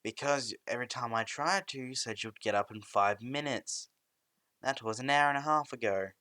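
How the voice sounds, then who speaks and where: A man's voice: medium pitch, moderate pace, bright, forceful tone, no room sound, clean studio sound, natural voice. A man voicing a fussing, exasperated mother in a fan-made storybook reading. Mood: nagging. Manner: nagging, exasperated. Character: fussing mother, middle-aged woman.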